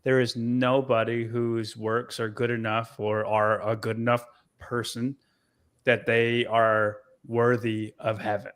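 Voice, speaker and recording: A man speaking as a podcast guest in an earnest, deliberate way during a casual discussion. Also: mid-range voice, level tone, fairly bright tone, smooth.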